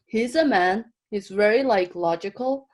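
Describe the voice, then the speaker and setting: A woman's voice: medium pitch, unhurried, a little mellow. A woman coach describing her client over a video call, rambling and full of "like" and "you know.". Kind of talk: casual explanation on a video call.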